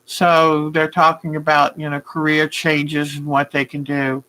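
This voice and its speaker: This older woman's quilting video features warm, casual live chat with viewers, whom she greets by name between rambling asides. She speaks unhurriedly in a low voice with little pitch movement, over poor audio.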